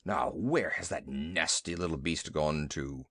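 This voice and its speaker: A man's voice: rumbling low, a little slow, fairly bright tone, no room sound, voice pushed down, exaggerated voice. A man voicing a huge, timid, fussy male elephant that blusters and grumbles. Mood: pompous.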